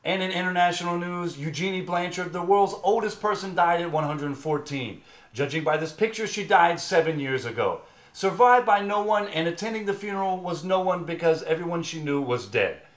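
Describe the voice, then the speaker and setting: A man's voice: sits high, lively intonation, moderate pace, reverberant. A man co-anchoring a comedy news spoof, rattling off jargon with pompous confidence. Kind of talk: mock political commentary.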